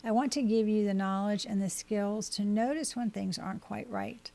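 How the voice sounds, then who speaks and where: Woman with a gravelly podcast voice. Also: mid-range voice. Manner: steady, measured reading of numbered tips. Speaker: podcast host and life coach. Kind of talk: scripted advice monologue.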